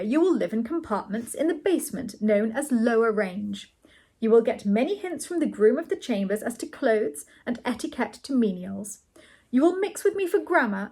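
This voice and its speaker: Pompous earl, condescending, airy and grand, husky tone, a woman reading him. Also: on the high side, darkish tone.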